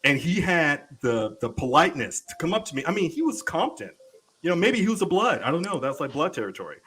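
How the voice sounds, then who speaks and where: A man's voice: on the high side, very animated, fast talker, a bit bright, slightly rough, low-quality recording. A man telling stories in a casual, profane way, acting out the voices of the people in them. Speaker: panel show guest. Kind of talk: casual storytelling.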